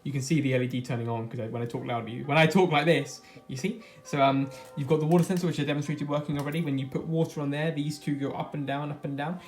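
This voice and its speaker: A man talking through his homemade project in a relaxed vlog style. He explains each part step by step as he tinkers, in a slightly higher voice. Soft music plays faintly underneath. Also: quick pace, few pauses. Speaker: maker demonstrating a project. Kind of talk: casual DIY vlog narration. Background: faint background music.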